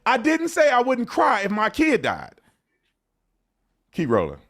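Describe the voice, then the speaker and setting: A man's voice: extremely high pitch, huge pitch swings, unhurried, fairly bright tone. A man commenting on clips, explaining his point insistently and repeating himself. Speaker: commentator answering critics.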